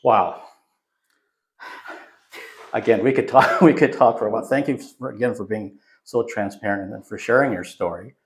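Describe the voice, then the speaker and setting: A man's voice: on the low side, normal speed, pauses often. A man interviewing a guest, asking questions and thanking her politely. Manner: polite, appreciative.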